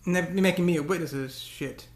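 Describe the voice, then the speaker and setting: A man's voice: fairly high pitch, a little fast, echoey room. A man talking to the camera in a casual, rambling monologue, often repeating words and breaking into cursing rants. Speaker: vlogger.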